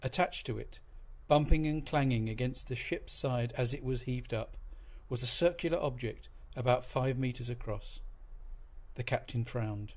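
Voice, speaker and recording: A man narrating a short story aloud in an expressive, measured reading voice. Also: mid-range voice.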